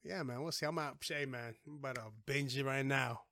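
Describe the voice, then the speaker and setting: A man's voice: mid-range voice, steady tone, a little fast, gravelly, bright, forceful tone, no echo. Easygoing man, dry close sound. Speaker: podcast co-host. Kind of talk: casual chat.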